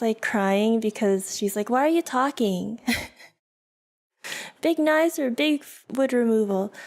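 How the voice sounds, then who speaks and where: A young woman vtuber streams a casual livestream chat in a slightly mellow voice on the high side. She giggles as she talks to her viewers and her dogs.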